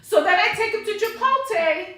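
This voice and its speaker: A woman's voice: very high voice, normal speed, slight background noise. A middle-aged woman co-hosting a casual podcast, telling stories with lots of swearing and acted-out quotes. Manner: animated, swearing, acts out quotes. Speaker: podcast co-host. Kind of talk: casual chat, storytelling. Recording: echoey room, distant mic.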